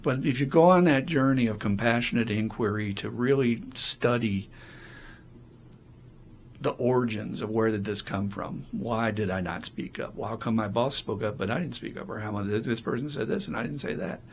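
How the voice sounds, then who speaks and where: A man with a gravelly, fry-edged voice co-hosts a casual recovery podcast. He talks openly and animatedly, slipping into quoted voices as he goes. Faint background noise sits under the recording. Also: mid-range voice, normal speed. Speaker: podcast co-host.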